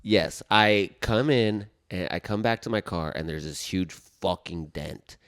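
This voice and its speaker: A man co-hosting a casual comedy podcast, telling stories in an animated way and acting out what people said. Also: low voice, a little slow, smooth. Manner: animated storyteller who acts out what people said. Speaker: podcast co-host.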